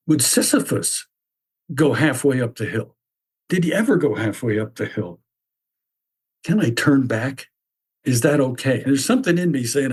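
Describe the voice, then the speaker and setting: A man in his seventies tells a personal story in a reflective podcast talk, turning over questions out loud. His voice has a husky, slightly breathy grain, and his pitch sits in a mid range. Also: animated, normal speed. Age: 70s. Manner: musing, full of rhetorical questions. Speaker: podcast host.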